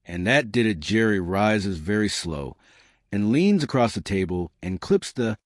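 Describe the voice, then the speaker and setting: Male audiobook narrator, low voice, chatty storyteller, dry close sound. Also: lively intonation, a little slow, no room sound. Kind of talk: audiobook narration in first person.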